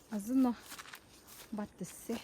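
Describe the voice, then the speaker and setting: A woman's voice: fairly high pitch, dark tone, slight background noise. A young woman, chatting in a casual vlog as she walks around a farm outdoors, exclamatory and thinking aloud. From Nagaland, northeast India. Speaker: vlogger.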